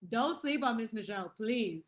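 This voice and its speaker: A woman hosting a casual livestream, chatting in a lively, slangy way, reading the chat aloud and dropping in Spanish phrases. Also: fairly high pitch, normal speed. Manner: laughs often and reads chat aloud. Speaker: livestream host.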